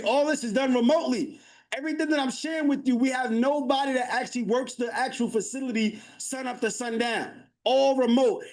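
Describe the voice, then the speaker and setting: A man giving a live webinar sales pitch, hyped and talking straight to the chat, repeating his phrases for emphasis. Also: a little mellow. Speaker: webinar presenter.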